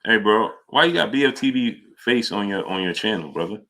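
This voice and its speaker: Bright-voiced New livestream host. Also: male voice, on the low side, expressive, brisk. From New York. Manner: greets viewers by name, reads super chats aloud. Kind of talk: casual livestream chat.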